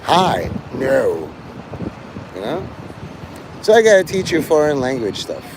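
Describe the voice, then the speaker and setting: A man's voice: mid-range voice, huge pitch swings, normal speed, background noise. A man livestreaming, rambling and teasing his chat, breaking into mock-angry, swearing rants.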